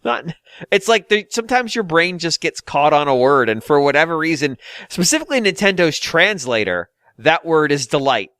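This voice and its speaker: A male podcast host chats in a casual, joking way, with a lively voice that swings up and down. His voice sits a little high, and the sound is dry and close. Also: clean tone, dry recording. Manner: animated, jokey, quick asides and impressions. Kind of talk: casual comedic podcast chat.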